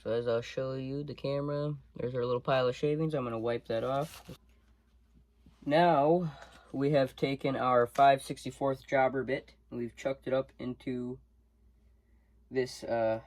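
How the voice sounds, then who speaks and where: A man's voice: mid-range voice, fairly even intonation, a little slow, a little mellow, dry recording. A young man in a workshop, casually explaining each step as he works, recorded on a camera mic. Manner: talks through each step while working. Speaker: student demonstrating a workshop task. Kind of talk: casual hands-on demonstration.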